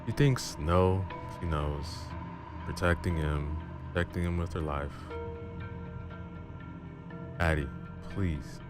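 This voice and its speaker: Very deep-voiced male storyteller. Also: fairly even intonation, a little slow. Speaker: storyteller, channel host. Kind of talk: first-person story narration. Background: music.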